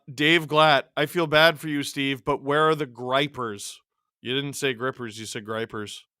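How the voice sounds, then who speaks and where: A man's voice: medium pitch, clean tone, no echo, studio quality. A man hosting a live watch-along stream, calling the game, yelping at big plays and joking with his chat. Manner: excitable, yelps and shouts at big plays; jokey banter with chat. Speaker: streamer and show host.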